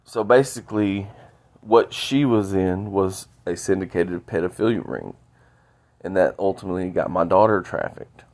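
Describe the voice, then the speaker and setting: A man talking alone into his podcast, stuffy from a cold, halting and often repeating words. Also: low-pitched, darkish tone. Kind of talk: solo monologue.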